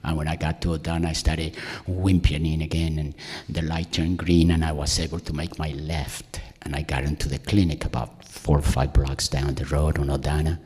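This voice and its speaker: A man's voice: rumbling low, flat delivery, moderate pace, darkish tone, breathy edge. A man telling a true personal story at a live storytelling event, rambling and self-mocking, often restarting his sentences. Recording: long reverb of a performance hall.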